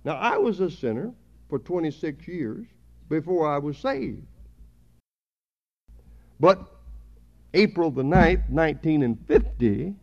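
A man preaching a sermon at a church service, emphatic, swelling louder on key words. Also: fairly high pitch, sing-song, slow, creaky, pauses often. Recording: dull lo-fi sermon recording.

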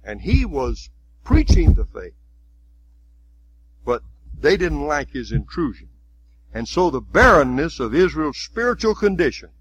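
A man's voice: medium pitch, husky, lo-fi sound. A man preaching a sermon in a folksy, conversational way, often adding "you see".

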